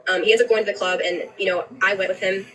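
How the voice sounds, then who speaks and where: Young woman telling her story on a livestream, talks quick and keeps restarting, kinda far from the mic. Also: medium pitch, steady tone, a bit bright, slight background noise. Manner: fast, earnest, with frequent halting restarts. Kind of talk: personal account on a livestream.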